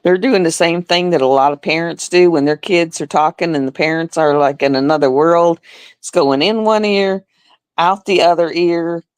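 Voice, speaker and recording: A middle-aged woman who works as a nurse, telling a story on a casual live stream in an animated, emphatic way and repeating words for effect. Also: on the low side, moderate pace, smooth, no room sound.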